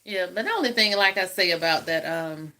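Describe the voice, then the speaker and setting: Broadcasting from her home, a woman in her fifties keeps up easygoing chat with her viewers, laughing frequently. She speaks a bit fast and with animation, her fairly low voice carrying a sharp edge.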